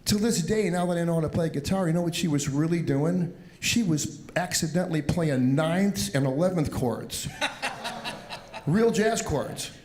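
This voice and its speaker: A man's voice: fairly high pitch, measured pace, a little hiss or hum. An older man from the Cleveland area, a musician telling childhood stories in an interview, acting out quotes as he goes. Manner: animated storyteller, acts out quotes. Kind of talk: storytelling interview.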